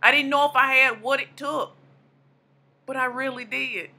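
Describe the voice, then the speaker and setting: A woman in her thirties with a high, very bright voice delivers a motivational speech. She talks emphatically and hammers her points home by repeating them. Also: steady tone, moderate pace. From American South / Midwest. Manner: emphatic, repeating lines for punch. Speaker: motivational speaker.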